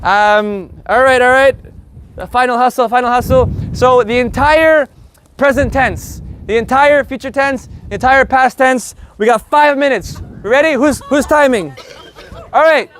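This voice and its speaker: A man's voice: extremely high pitch, measured pace, a bit bright, a little hiss or hum. A man teaching a casual live Spanish group lesson, brash and joking, swearing casually as he explains.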